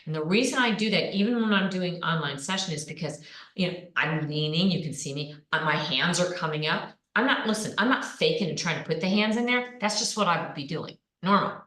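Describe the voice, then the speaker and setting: Woman, presentation coach, energetic, emphatic, slightly low voice, roomy echo. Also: brisk. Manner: energetic, emphatic, punches keywords. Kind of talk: online presenting lesson. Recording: echoey room.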